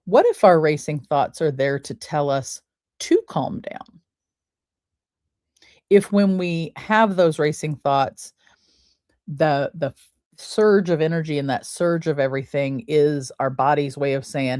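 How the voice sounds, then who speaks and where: A woman podcast host talking listeners through a breathing exercise in a slow, soothing way, counting the breaths aloud. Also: low voice, a little mellow, dry recording, clean studio sound. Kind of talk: guided breathing and wellness talk.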